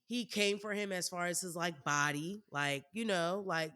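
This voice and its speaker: Lively young woman chatting frankly. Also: fairly low pitch, measured pace, hardly any pauses. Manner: animated, frank, many fillers. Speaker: podcast co-host. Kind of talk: casual chat.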